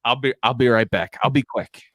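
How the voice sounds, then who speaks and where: A man's voice: medium pitch, fairly quick, a bit bright, no echo. A young man hosting a casual podcast, rambling and laughing a lot as he talks. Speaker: podcast host. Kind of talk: casual chat.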